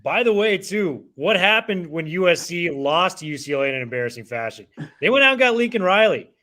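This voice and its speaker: A man's voice: sits high, very animated, a little fast, pushed and bright. A man co-hosting a sports podcast, talking with hyped, promotional enthusiasm. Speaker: podcast co-host. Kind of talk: casual sports talk.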